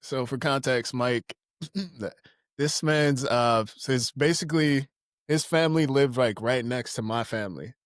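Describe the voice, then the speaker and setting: Young guy on a podcast telling wild party stories, jumps into squeaky impressions, dry close mic. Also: unhurried, no echo. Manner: animated storyteller, jumps into high-pitched impressions of friends. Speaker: podcast co-host. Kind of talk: casual storytelling chat.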